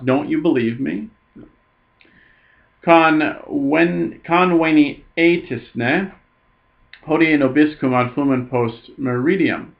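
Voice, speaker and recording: A man teaching a recorded Latin lesson, patiently reading each phrase slowly and then explaining it. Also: medium pitch, muffled recording.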